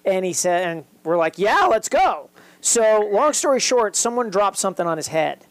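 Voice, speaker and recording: A man's voice: high-pitched, normal speed, smooth, no echo. A man co-hosting a casual interview, upbeat and teasing. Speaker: co-host.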